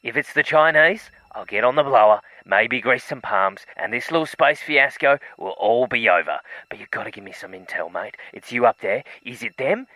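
A brash, scheming Australian mining boss woman, put on by a man for a radio comedy sketch. She blusters in a bright, lively Australian voice that swings up and down in pitch. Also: normal speed, hardly any pauses, dry recording, poor audio. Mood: urgent.

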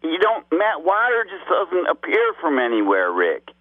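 A man's voice: a little high, huge pitch swings, moderate pace, dry recording. A man calling into a radio show, arguing his point insistently. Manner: insistent, argumentative. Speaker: caller. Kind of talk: call-in argument. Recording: phone line.

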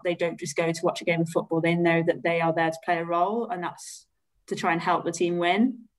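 A woman co-hosting a relaxed football podcast chat, rambling through her points with plenty of fillers and hedges. Her voice sits low and stays flat. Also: low-quality recording. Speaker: podcast co-host.

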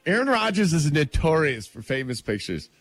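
Brief: male morning-radio co-host, fairly high voice, lively swooping delivery, dry studio sound. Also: normal speed, dry recording, faint music behind. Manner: animated, laughing, playful banter. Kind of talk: casual sports chat. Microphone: studio mic.

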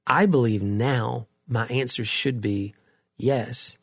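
A man's voice: mid-range voice, slow pace, a bit bright, slightly rough, no room sound, clean studio sound. A middle-aged man in a casual conversation about faith, earnest and reflective, often restarting his sentences.

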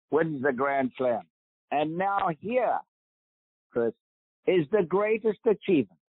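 A man's voice: a little high, husky, dry recording. A man in his eighties with a South African accent, speaking emphatically as a guest in a phone interview. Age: 80s. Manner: emphatic, preaching. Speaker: guest, veteran golfer. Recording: tinny phone line, dry.

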